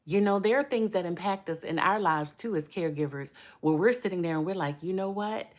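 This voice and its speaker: A woman's voice: lowish voice, fairly quick. A middle-aged woman giving caregiving advice on a live stream, chatty, repeating words for emphasis and greeting viewers by name. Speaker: caregiver coach.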